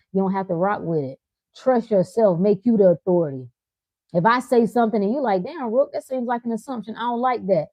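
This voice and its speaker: A woman's voice: medium pitch, no room sound, dull audio. A woman hosting a spiritual livestream, talking in an emphatic, preacherly, colloquial way and repeating her lines for effect. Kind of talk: motivational livestream talk.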